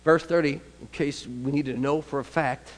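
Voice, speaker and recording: A man's voice: a little high, fairly even intonation, normal speed. A man preaching a sermon, telling stories in a conversational way with asides to the congregation. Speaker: pastor. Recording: long reverb of a large hall.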